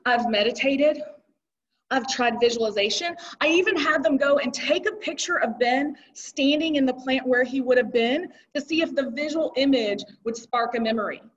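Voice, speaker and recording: High-voiced woman giving a live talk. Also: fairly bright tone, far from the mic. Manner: conversational, rhetorical questions, emphatic. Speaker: keynote speaker. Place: event hall with audience. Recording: dull lo-fi recording.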